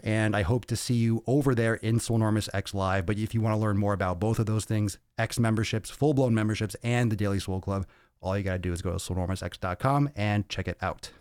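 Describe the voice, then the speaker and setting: Breathless, deep-voiced male podcast host. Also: clean tone, dry recording, studio quality. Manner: energetic, profane, loose and rambling. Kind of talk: casual livestream chat, reading viewer comments. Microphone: podcast microphone.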